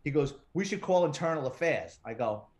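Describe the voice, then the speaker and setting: A middle-aged man, a retired police detective, telling profane, animated stories as an interview guest. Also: on the high side, a little fast. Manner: profane, animated anecdote-telling with quoted dialogue. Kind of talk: casual storytelling interview.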